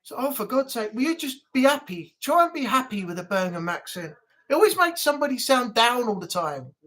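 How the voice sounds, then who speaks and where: Mancunian woman, stream host, chatty, jokey, slightly high. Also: very animated, brisk, a bit bright. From Manchester, England. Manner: chatty, joking, swears casually. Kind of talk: live stream chat.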